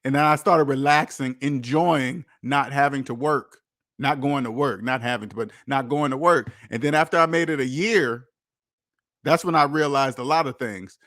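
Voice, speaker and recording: An American man in his forties hosts a casual livestream on getting debt-free, telling rambling stories with many restarts. His mid-range voice is a bit bright and moves at normal speed, captured in a dry, studio-quality recording.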